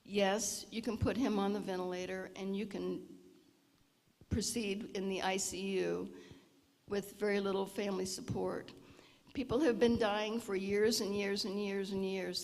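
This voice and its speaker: Woman presenter, gravelly voice, often clears throat, informal lecture, long hall reverb. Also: mid-range voice. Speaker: health presenter at a seniors' event. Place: church hall.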